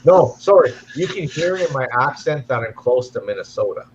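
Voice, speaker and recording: A man's voice: medium pitch, lively intonation, fairly quick. A man with a Canadian accent chatting casually on a live stream, rambling and stammering as he repeats himself. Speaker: guest in a live stream chat. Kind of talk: casual chat. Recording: dull lo-fi sound with faint hiss.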